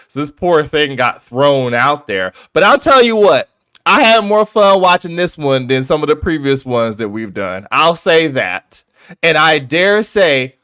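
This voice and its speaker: A man co-hosting a podcast, giving a relaxed, wry take on a movie. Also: medium pitch, clean tone. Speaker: podcast co-host. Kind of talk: casual review chat.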